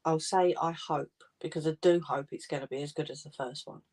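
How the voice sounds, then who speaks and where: Chatty woman with a lowish voice. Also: fairly even intonation, a little fast, a little mellow. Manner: chatty and informal, laughs often. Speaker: crafting livestream host. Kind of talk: casual livestream chat with viewers. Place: home.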